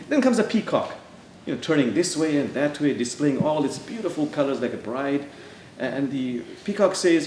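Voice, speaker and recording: A man giving a sermon in a church, telling a story gently and playfully, with pauses. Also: on the high side, big pitch swings, a little hiss or hum. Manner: gentle, unhurried, playful storytelling with acted bird voices. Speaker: Sufi teacher and speaker. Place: large church hall. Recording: echoey church hall.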